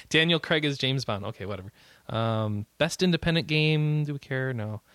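A man co-hosting a casual podcast, excitable, laughing often and jumping up in pitch when indignant. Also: moderate pace, no room sound, studio quality. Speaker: podcast co-host. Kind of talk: casual chat.

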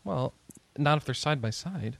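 A man hosting a casual gaming podcast, animated and jokey as he reads out listener questions. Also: medium pitch, measured pace, vocal fry, dry recording. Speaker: podcast host.

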